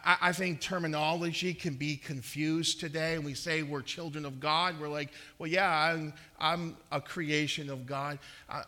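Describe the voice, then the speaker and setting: A man's voice: a little high, sharp tone. A man preaching a sermon, earnest and emphatic, rising in intensity and repeating words as he presses each point. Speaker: pastor.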